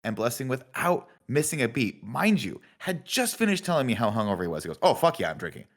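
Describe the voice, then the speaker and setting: A man co-hosting a podcast, telling a story in a lively way and acting out what people said. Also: medium pitch, fast. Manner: animated storyteller acting out quotes. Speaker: podcast co-host. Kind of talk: casual storytelling chat.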